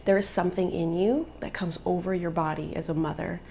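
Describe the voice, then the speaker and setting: Low, gravelly-voiced woman vlogger. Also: steady tone, a little fast, mellow, slight background noise. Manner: earnest, emotional retelling. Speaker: vlogger and mother. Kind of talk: personal storytelling vlog.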